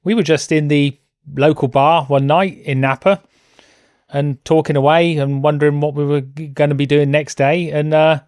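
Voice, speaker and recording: A man's voice: fairly high pitch, fairly even intonation, normal speed, a little mellow, smooth, no room sound. A British man in casual conversation as a podcast guest, telling stories with self-deprecating, dry humor. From Britain. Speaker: guest, host's husband.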